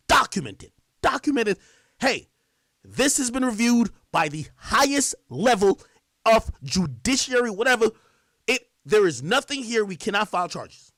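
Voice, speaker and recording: A man's voice: high voice, fairly bright tone, dry recording, clean studio sound. A man giving a repetitive, insistent monologue on a livestream, played in a clip. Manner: repetitive, insistent, drawn-out phrasing. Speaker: streamer in clip.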